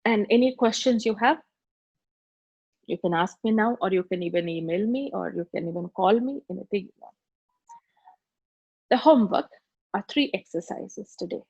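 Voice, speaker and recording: A woman with an Indian English accent, teaching a spiritual meditation course and telling stories in a conversational, animated way. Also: mid-range voice, moderate pace, gravelly, pauses often, slightly rough, dry recording, muffled recording. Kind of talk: spiritual course talk with anecdotes.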